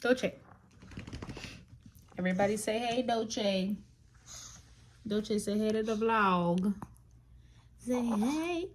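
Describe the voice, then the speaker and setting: A young woman from Washington state, hosting a vlog with a teasing, lively manner and later leading a Bible study. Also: mid-range voice, slow pace, long pauses, reverberant, slight background noise. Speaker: vlog host. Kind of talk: casual chat and Bible study discussion.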